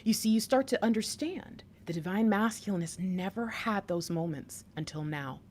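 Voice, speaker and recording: A woman giving a tarot reading to her viewers, excitable, breaking into laughs and whispers as she talks straight to them. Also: mid-range voice, moderate pace, slight background noise. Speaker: tarot reader.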